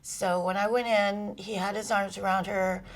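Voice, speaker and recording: A middle-aged woman as an interview guest, telling a personal story candidly, with pauses, fillers and soft laughs. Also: medium pitch, level tone, a little hiss or hum.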